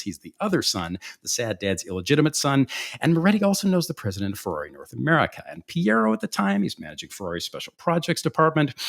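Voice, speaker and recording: A man hosting a podcast, telling a story with jokes and sarcastic asides. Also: on the low side. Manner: animated, jokey, sarcastic asides. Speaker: podcast host. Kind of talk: comedic storytelling monologue.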